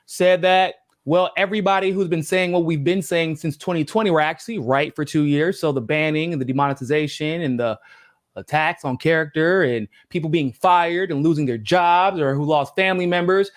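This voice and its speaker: A young man co-hosting a casual podcast chat, animated and swearing freely. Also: on the high side, a little fast. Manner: animated, swears freely, acts out others' voices. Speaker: podcast co-host.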